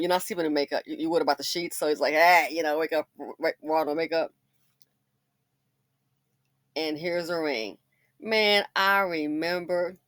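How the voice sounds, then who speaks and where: Middle-aged woman, casual commentary host; lowish, bright tone, dry close sound, animated storyteller. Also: no room sound. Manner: chatty storytelling, addresses ladies directly; laughs and breaks into loud exclamations.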